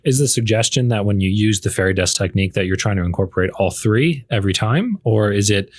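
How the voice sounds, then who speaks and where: Low-voiced man asking questions. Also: animated, quick pace, darkish tone. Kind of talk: interview questions.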